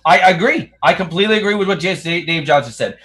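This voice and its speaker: A man with a high voice argues his case at a game table. He is loud and insistent and hammers the same point again and again. He breaks off now and then to apologize for how loud he is. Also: fast. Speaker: player in a live party game. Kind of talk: heated game-table argument.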